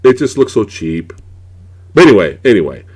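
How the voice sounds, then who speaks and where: A male host in a loose movie chat, his pitch swinging widely as he rants. He swears freely and sounds exasperated, and he piles on restarts and asides. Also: big pitch swings, normal speed, a little mellow, slightly rough. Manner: ranting, profane, exasperated. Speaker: podcast host. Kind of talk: casual movie review chat.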